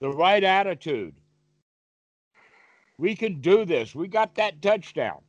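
A man's voice: high voice, very animated, takes it slowly, no room sound, muffled recording. A man teaching meditation over a call, asking his listener questions and giving vivid everyday examples. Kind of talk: Dhamma talk on a call.

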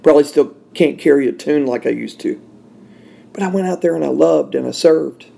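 A Christian podcast host gives an emotional personal testimony in a studio, his brisk, gravelly voice carrying a breathy edge. He swings from loud and high to soft and hushed.

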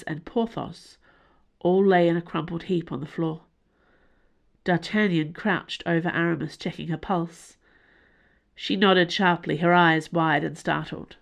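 A woman narrating a science fiction audiobook with expressive, varied delivery. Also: fairly low pitch, creaky.

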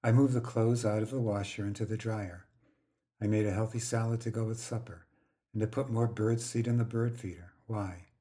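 An older man hosting a podcast, telling a personal story in the first person, quietly and gently. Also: lowish voice, fairly even intonation, moderate pace. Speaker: podcast host.

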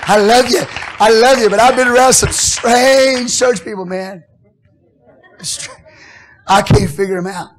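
A man preaching a sermon as pastor, swinging from hushed, conversational asides to loud, shouted declarations. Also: sits high, fairly even intonation, a little slow, long pauses.

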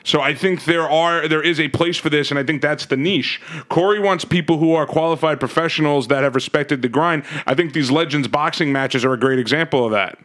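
A man's voice: a little high, brisk, hardly any pauses, fairly bright tone. A man co-hosting a podcast in casual chat, thinking aloud with restarts. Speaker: podcast co-host.

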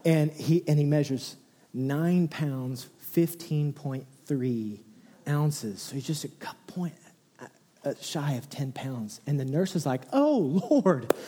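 A man in his thirties delivers a sermon as an animated storyteller, his voice sitting a little high for a man. He moves from low, hushed passages to bursts of excited near-shouting. The sound carries a long reverb, as from a large church hall. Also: slow, slight background noise. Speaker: pastor.

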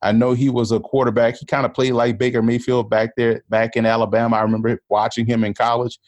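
Guest dude breaking down football, steady, stumbles over words a bit, dry audio. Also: male voice, mid-range voice, dry recording. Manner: measured, repeats words as he thinks. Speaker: guest analyst. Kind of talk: casual sports chat.

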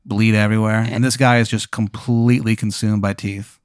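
A man's voice: fairly low pitch, little pitch movement, brisk, clear, resonant tone, no room sound, studio quality. A man hosting, improvising a comic second-person story with a rambling, filler-heavy delivery. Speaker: host.

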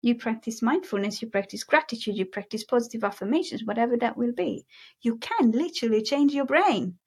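A woman's voice: on the high side, expressive, a little fast, darkish tone, husky. A woman with a Hungarian accent, a guest in a casual interview, talking earnestly and emphatically, often repeating her key phrases. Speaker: guest, mindset coach.

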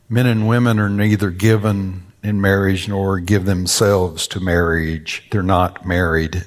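A man in his sixties, a longtime minister, preaching a sermon in church with a folksy, joking storyteller's manner. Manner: folksy, joking storyteller with high-pitched voices for quoted people. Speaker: pastor. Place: church sanctuary.

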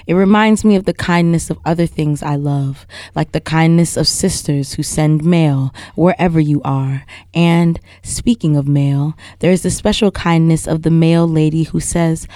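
Woman poet from queens reading a poem, measured, lowish voice, dry close mic. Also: warm tone, no room sound. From Queens, New York. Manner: measured, deliberate delivery. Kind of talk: poetry reading.

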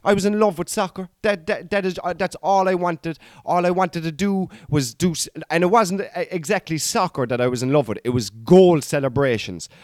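An Irish man in his thirties, working through a comedy bit in a loose, rambling way, swearing freely and tripping over his own restarts. His voice sits a little high for a man. He sounds close and dry, with no room echo at all. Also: moderate pace, few pauses, a little mellow. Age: 30s. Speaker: comedian podcast host. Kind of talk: casual comedic monologue.

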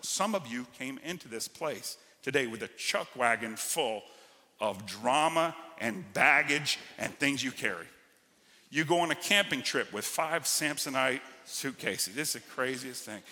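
A man's voice: a little high, bright, forceful tone. A male pastor preaching a sermon, telling personal stories in a conversational, emphatic way. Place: church sanctuary. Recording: church hall with long reverb.

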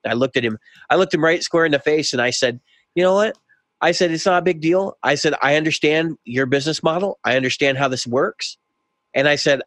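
A man's voice: medium pitch, a bit bright, dry recording. A man co-hosting a podcast who tells a long story in casual chat and acts out both sides of a heated exchange. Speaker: podcast co-host.

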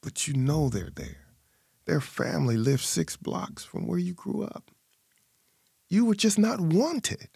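Middle-aged male guest, lively low voice, dry close sound, acts out family voices. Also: husky, no room sound. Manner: animated storyteller, acting out family voices. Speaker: interview guest. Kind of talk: personal storytelling in an interview.

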